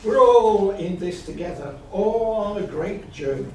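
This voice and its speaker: A man playing a genial, gravelly-voiced hippie bus leader who mentors a young traveller, read live on stage. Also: high-pitched, lively intonation, a little slow, mellow. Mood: preachy. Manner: hearty, preachy encouragement. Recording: echoey hall, far mic, background noise.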